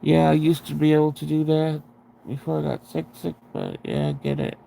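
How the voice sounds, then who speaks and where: A man's voice: fairly high pitch, huge pitch swings, moderate pace, vocal fry, mellow, slight background noise. A man hosting a livestream, chatting casually with his viewers in a rambling way, restarting sentences and laughing at himself, into a sensitive close microphone. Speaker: livestream host.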